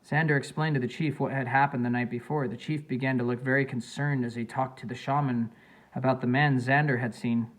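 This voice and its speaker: A man's voice: medium pitch, steady tone, a little fast, poor audio. Man reading an audiobook aloud. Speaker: audiobook narrator. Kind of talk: audiobook narration.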